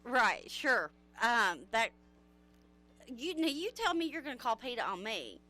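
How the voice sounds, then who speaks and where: A woman's voice: a little high, sing-song, unhurried, bright, forceful tone, faint music behind. A woman guest on a radio talk show, chatting and giving practical tips. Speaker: agriculture extension guest.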